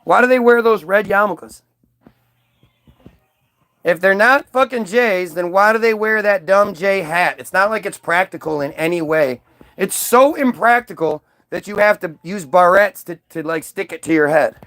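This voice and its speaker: A man's voice: high voice, moderate pace, fairly bright tone, dry recording. A man delivering a profane, sarcastic ranting monologue, mocking as he goes. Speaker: vlogger.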